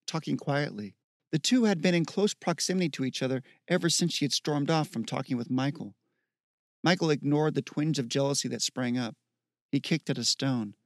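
With a mid-range voice, a male narrator gives an audiobook a measured, even reading. It's a dry, studio-quality recording.

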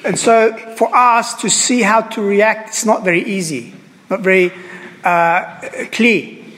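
A man with a high voice preaches to his congregation, earnest and halting, often repeating himself and pausing on fillers. His words ring out with a long reverb in a church. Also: fairly bright tone. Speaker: priest. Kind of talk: sermon.

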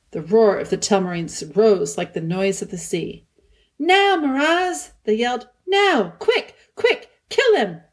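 Calm woman reading a storybook aloud. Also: lowish voice, gravelly. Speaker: audiobook reader. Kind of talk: audiobook narration.

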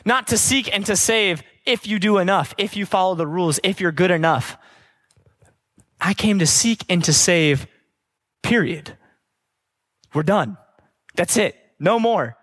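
High-voiced man preaching a sermon. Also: expressive, a little slow, long pauses, fairly bright tone. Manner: emphatic, with repeated rhetorical questions; conversational asides.

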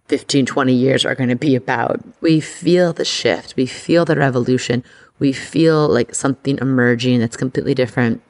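A woman hosting an astrology podcast, talking in a chatty, excitable way full of "like". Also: rumbling low. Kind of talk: casual podcast monologue.

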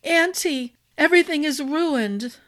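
A woman voicing a young princess who speaks high and breathless, eager to please. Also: animated, a little slow, a bit bright. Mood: tearful.

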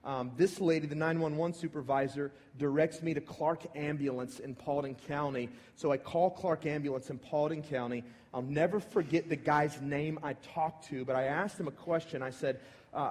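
Man in his thirties, pastor telling a story in a sermon, a touch high-pitched, big reverberant church hall. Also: normal speed. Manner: personal storytelling, swinging from hushed to emphatic. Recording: long reverb of a large hall.

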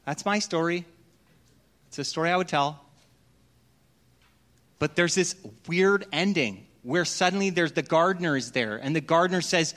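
A middle-aged man preaching a sermon as a pastor, telling stories in a conversational way and dropping to a hushed voice at tender moments. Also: on the high side, normal speed, long pauses.

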